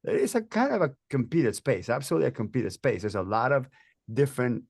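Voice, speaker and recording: A man's voice: mid-range voice, very animated, fast talker, gravelly, a little mellow, husky, no echo, clean studio sound. A man hosting a webinar interview, enthusiastic and chatty, with frequent restarts and fillers. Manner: enthusiastic, talks in bursts with many restarts and fillers. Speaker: host.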